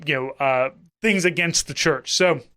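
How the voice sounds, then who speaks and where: Bright, clear-voiced rambling man. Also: a little high, unhurried. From St. Louis, Missouri. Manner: rambling, profane, self-interrupting. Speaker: podcast co-host. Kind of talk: casual chat.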